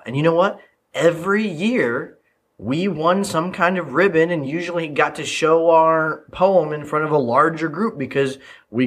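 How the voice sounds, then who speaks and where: In casual solo podcast talk, a man who hosts a parenting podcast and works as a leadership coach shares childhood stories loosely, with fillers and repeated phrases. His voice is fairly high pitched and a bit bright.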